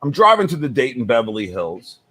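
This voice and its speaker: A man telling a wild story as an interview guest, animated and emphatic, swearing freely. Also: mid-range voice, fairly quick, slightly rough, dry recording. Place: club stage.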